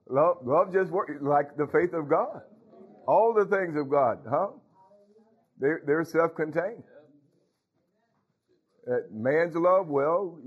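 Folksy pastor, husky voice. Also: male voice, on the high side, narrow, tinny audio. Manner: folksy, talks to congregation, frequent hallelujahs and laughs. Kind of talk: sermon.

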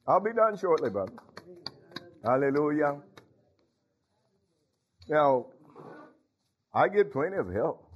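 A man's voice: a little high, very animated, slow pace, pauses often, dull audio. A man preaching an informal sermon in a small church, folksy, calling out to the congregation and repeating his phrases. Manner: call-and-response, folksy, repeats phrases, chuckles.

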